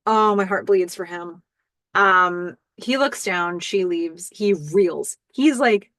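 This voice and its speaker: A middle-aged woman hosts a podcast recapping a TV episode, her medium-pitched voice unhurried and her sound dry and close. She's animated and enthusiastic about the recap.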